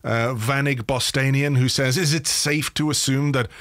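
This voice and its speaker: A man's voice: mid-range voice, fairly even intonation, normal speed, fairly bright tone, dry recording, clean studio sound. A man hosting a football podcast, teasing his co-host and reading out a listener question. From Ireland. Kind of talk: casual chat.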